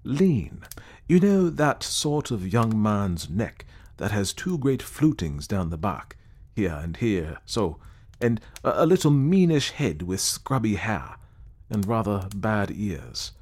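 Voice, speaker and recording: A man's voice: on the low side, big pitch swings, slow, darkish tone, heavily acted. A man doing Clayton, an earnest ghost-teller. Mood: reflective. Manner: earnest, reflective, sincere. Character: earnest gentleman telling his ghost encounter. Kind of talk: audiobook character voice.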